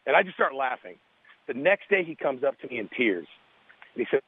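An earnest man telling a story in an animated way, his voice squeezed through a tinny phone line. The sound is dry and close. His pitch sits in an ordinary middle range. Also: brisk, husky, no room sound. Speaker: guest. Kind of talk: radio interview, storytelling.

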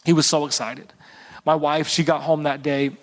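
A man's voice: on the high side, flat delivery, moderate pace, in a large hall. A man preaching a sermon as pastor, earnestly stretching out key words and calling for responses from the congregation. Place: church service.

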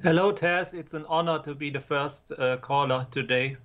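A man with a German accent calling in to a sports talk show, speaking hesitantly with many pauses. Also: on the high side, phone-quality sound. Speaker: caller.

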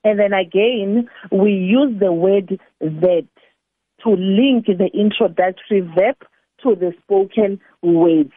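A woman teaches a grammar lesson at a slow, patient pace, going over each example more than once. Her voice comes through a narrow, phone-like channel. The sound is dry and close, with no room around it. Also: mid-range voice, dry recording. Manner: slow, deliberate explaining with repeated examples. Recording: tinny phone-like line, dry.

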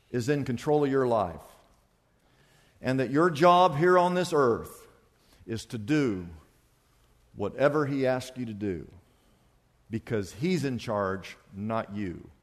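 A man's voice: mid-range voice, long reverb tail. A man preaching a sermon as pastor, telling a story and acting out the voices of its people, with lots of repetition.

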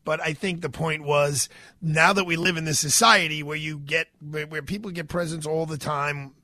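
Rambling New York radio host, man, congested with a cold, raised pitch, dry studio sound. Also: steady tone, normal speed, sharp tone, dry recording. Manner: rambling, stammering, many fillers. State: stuffed up with a cold. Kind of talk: casual radio talk.

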